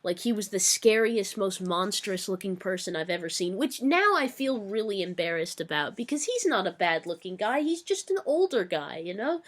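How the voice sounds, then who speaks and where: A young woman vlogger telling a candid personal story in a rambling way, full of fillers and self-corrections, with a darkly wry tone. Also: medium pitch.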